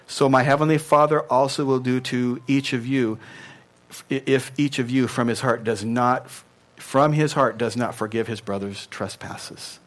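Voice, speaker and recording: Animated man preaching a sermon. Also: medium pitch. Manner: animated, emphatic, laughs often, acts out quotes. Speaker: pastor.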